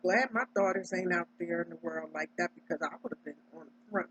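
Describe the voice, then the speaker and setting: Husky-voiced woman preaching to camera. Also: on the low side, fairly quick, a bit bright. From Delaware, United States. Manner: emphatic, preachy, tags lines with "right?". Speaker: vlogger. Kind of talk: casual monologue. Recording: dull lo-fi audio.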